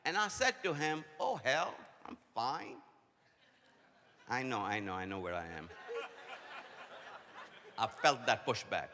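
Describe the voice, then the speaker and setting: A man, giving a humorous preaching keynote at a conference as a playful storyteller who rattles off quick repetitions. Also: medium pitch, very animated, sharp tone. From India. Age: 60s. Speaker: conference speaker. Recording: long hall reverb, faint noise.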